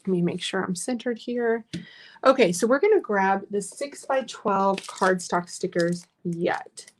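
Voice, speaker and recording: A woman's voice: mid-range voice, a little slow, slight background noise. Chatty woman teaching a craft class. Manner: chatty, encouraging, reads viewer comments aloud. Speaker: scrapbooking class instructor. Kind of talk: live online craft class.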